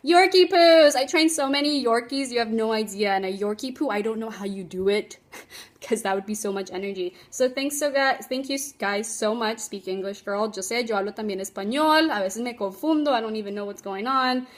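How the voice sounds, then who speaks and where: A woman's voice: medium pitch, a little fast. A woman dog trainer giving casual tips on a phone livestream, chatty and emphatic, laughing often.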